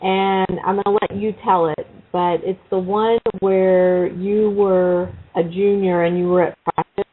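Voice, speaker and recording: A woman's voice: medium pitch, flat delivery, measured pace, hardly any pauses. A woman hosting a podcast, interviewing a guest and leading him into a story with enthusiasm. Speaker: podcast host. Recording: tinny phone line with faint hiss.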